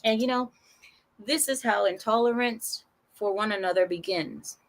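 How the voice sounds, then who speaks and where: A woman of Arab heritage giving casual news commentary, sarcastic and animated, with rambling restarts. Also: mid-range voice, normal speed. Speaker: commentary channel host.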